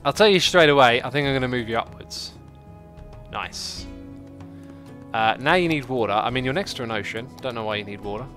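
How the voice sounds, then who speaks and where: Guy rambling through a city builder stream, mid pitch, little bits of music behind. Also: a bit bright. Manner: chatty, talks to the game and to chat, quick exclamations. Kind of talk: casual livestream commentary. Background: faint background music.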